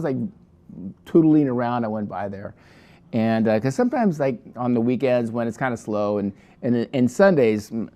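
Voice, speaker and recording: A man's voice: lowish voice, mellow. A man presenting a wine for his shop in a casual, rambling review full of digressions and restarts.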